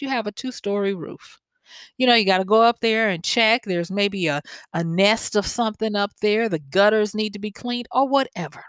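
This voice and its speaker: A woman with a Southern accent hosting her own podcast, telling stories in a chatty, animated way with laughing asides. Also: medium pitch, dry recording. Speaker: podcast host. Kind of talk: reflective solo podcast talk.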